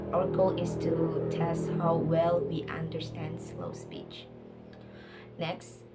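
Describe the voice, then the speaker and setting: A young woman, a university student, carefully reading her summary assignment aloud from notes at a steady pace. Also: fairly low pitch, a little hiss or hum.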